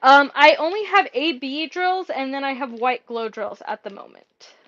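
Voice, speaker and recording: A woman's voice: sits high, expressive, moderate pace, fairly bright tone, highs cut off. A woman chatting casually on a live stream while packing craft orders, rambling with lots of fillers. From Mexico. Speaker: craft shop owner streaming.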